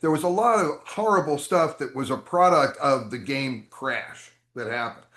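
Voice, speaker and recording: A man telling long stories as an interview guest, chatty and animated, with many asides. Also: mid-range voice, moderate pace. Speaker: interview guest, game designer. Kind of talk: storytelling interview answers. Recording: roomy echo.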